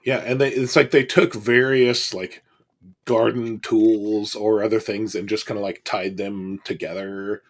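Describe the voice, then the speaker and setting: A man's voice: on the low side, flat delivery, a little slow. A man casually chatting about a film as podcast co-host, agreeable, with many restarts. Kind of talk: casual movie chat.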